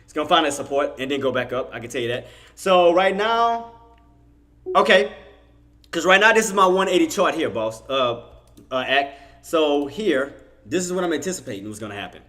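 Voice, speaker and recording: Man, live trading stream host, lively swooping voice, bright, chatty and boastful. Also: on the high side, normal speed. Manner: animated, bragging, laughs often, talks to chat. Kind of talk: casual live market commentary.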